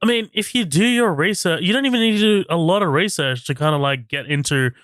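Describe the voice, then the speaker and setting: A man's voice: sits high, fast, no echo, clean studio sound. A man co-hosting a movie podcast, chatting casually and animatedly, swearing often. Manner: animated, swearing, reads reviews aloud mockingly. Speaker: podcast co-host. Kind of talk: casual chat.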